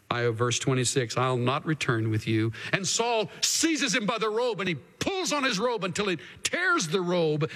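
A man's voice: on the high side, fairly bright tone, in a large hall. A man preaching a sermon as a pastor, earnest and emphatic, repeating his key lines for weight.

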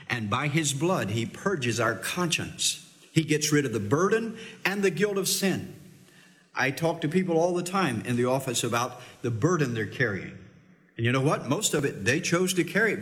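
A man's voice: a little high, a bit bright. A middle-aged male pastor preaching a sermon in a folksy, teasing, emphatic way.

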